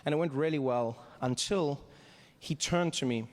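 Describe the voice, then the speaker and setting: A man from Africa telling a story on stage as a stand-up comedian, animated and acting out scenes. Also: on the high side, moderate pace.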